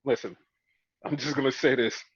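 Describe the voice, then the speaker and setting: A man's voice: medium pitch, normal speed, breathy edge, no echo. A man hosting a casual wrestling recap, retelling scenes with quoted voices and plenty of swearing. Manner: profane, animated retelling with mimicked quotes. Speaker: podcast host. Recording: dull, dry lo-fi audio.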